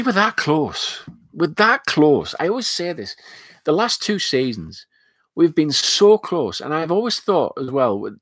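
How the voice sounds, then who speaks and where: A man's voice: mid-range voice, no echo, studio quality. A man with a Northern English accent, mixing northwest and northeast, hosting a casual live stream and chatting with his viewers in a rambling way, full of fillers. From north of England. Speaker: live stream host reading chat.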